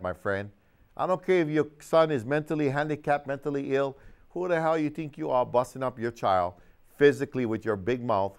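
A man preaches on television with fiery, emphatic conviction. His fairly high voice stays smooth and resonant as he swings between loud bursts and low, quiet stretches. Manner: impassioned, emphatic preaching with big swings in pitch and loudness. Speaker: minister and TV host. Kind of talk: televised sermon.

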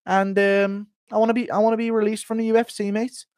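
A man's voice: sits high, flat delivery, fast, darkish tone, dry recording, studio quality, voice pushed up, lightly acted. A man putting on the voice of a petulant young male fighter who insists on leaving, whiny and repetitive. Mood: whiny insistent. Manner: whiny, insistent, repeats 'mate'.

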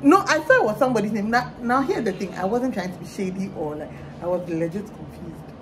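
A woman's voice: medium pitch, fairly quick, noisy background. A young woman, hosting a casual chat and telling stories with mimicked voices. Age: young adult. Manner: animated storyteller, mimics voices. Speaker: vlog host.

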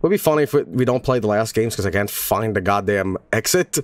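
A man's voice: lowish voice, expressive, brisk, no echo. A man streaming a video game, grumbling, swearing and chuckling at himself while he searches. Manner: frustrated, swearing, laughs at himself. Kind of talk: gaming stream commentary.

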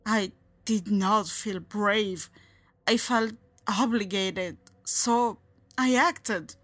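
Slow woman narrating horror. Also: mid-range voice, a bit bright, no echo. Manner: measured, unhurried storytelling.

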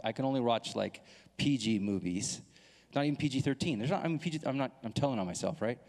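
A male pastor in his thirties telling a personal story in a sermon, acting out the voices in the dialogue. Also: mid-range voice. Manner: animated storytelling, acts out dialogue. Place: church hall. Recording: long hall reverb.

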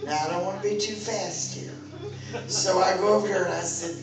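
A woman's voice: medium pitch, fairly even intonation, a little fast. Woman preacher, fervent sermon, exhorting, very echoey room, distant mic, music playing behind. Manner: fervent, exhorting, rising to loud calls.

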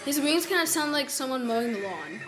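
A woman chats her way through a video game, exclaiming and groaning when things go wrong. Her voice sits fairly high. Game music plays clearly behind her. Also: poor audio. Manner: chatty, exclaims and groans in frustration. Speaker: let's play gamer. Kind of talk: casual gameplay commentary.

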